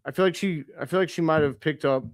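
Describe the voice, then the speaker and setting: An excitable young man calls a basketball game live, mixing play-by-play with exasperated remarks at players. His voice sits a bit high and sounds close and dry, with no room around it. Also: no room sound. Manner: excitable, scolds players aloud, quick self-corrections. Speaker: live reaction stream host.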